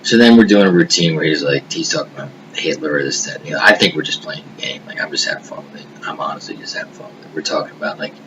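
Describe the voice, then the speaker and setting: A man recorded on a webcam at home, telling a long, rambling personal story full of swearing that often drops into hushed murmurs. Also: rumbling low, racing, few pauses, highs cut off. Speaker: vlogger. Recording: noisy hiss behind the voice.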